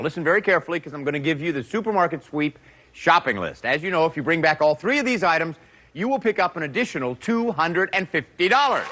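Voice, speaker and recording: A male game show host with a high voice that swoops up and down as he reads clues and teases the players. He sounds like he is on a studio set, with music and a cheering audience in the background. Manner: animated, playful, reading clues aloud. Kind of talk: upbeat game show hosting.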